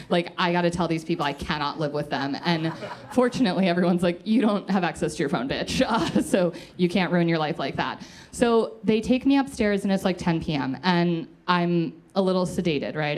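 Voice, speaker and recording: A young adult woman telling a comic personal story to a live audience, self-mocking and animated, slipping into quoted voices and laughing as she goes. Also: fairly low pitch. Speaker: comedian telling a story on stage.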